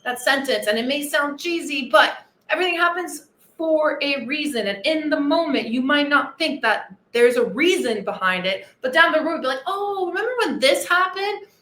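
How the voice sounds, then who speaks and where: A woman's voice: high voice, moderate pace, pushed and bright, roomy sound. A woman weight-loss coach hosting a motivational podcast monologue, enthusiastic and earnest, repeating her key phrases.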